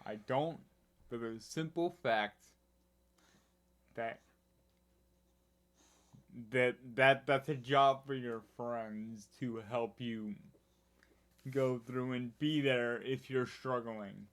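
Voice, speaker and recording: A man's voice: mid-range voice, drawn-out words, pauses often. An American man co-hosting a music reaction video, chatting casually with wry, sarcastic asides. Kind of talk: casual chat.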